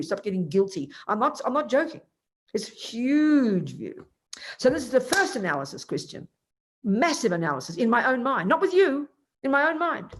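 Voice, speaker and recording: A woman teaching as a Buddhist teacher, giving an emphatic, animated dharma talk and acting out the voices she quotes. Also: mid-range voice.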